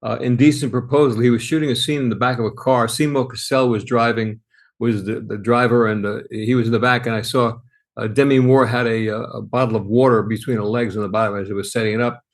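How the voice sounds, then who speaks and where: A man co-hosting a podcast, telling an animated anecdote in casual conversation. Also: medium pitch, fast. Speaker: podcast co-host. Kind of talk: casual storytelling.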